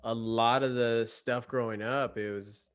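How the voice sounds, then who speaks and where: A man's voice: medium pitch, steady tone, a little slow, clean tone. A man hosts a podcast conversation and shares candid personal stories. He speaks in a reflective, earnest way. He often stops and restarts his sentences as he thinks. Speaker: podcast host.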